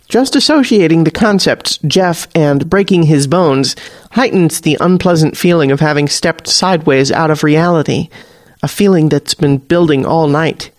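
A man reading a fantasy story aloud as the narrator, in a steady storytelling delivery. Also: on the high side, dry recording. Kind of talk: audiobook fiction narration.

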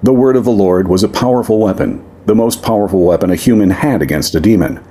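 A man narrating a short story in a measured, dramatic reading. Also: lowish voice, dark tone. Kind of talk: audiobook fiction reading.

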